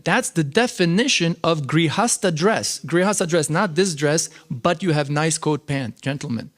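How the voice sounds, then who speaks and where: A man teaching a scripture class in a temple, lecturing in an animated, conversational way with frequent fillers. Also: fairly high pitch, normal speed, hardly any pauses.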